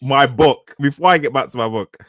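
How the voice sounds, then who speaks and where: A man's voice: mid-range voice, fairly quick, a bit bright, no echo, studio quality. A man co-hosting a podcast, rambling through stories, laughing often and restarting his sentences. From Britain. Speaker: podcast co-host. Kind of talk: casual chat.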